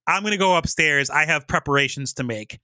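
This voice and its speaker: A man's voice: on the high side, fairly quick. A man voicing a cruel, undead male warlord who sounds utterly bored and unbothered. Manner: flat, unbothered drawl.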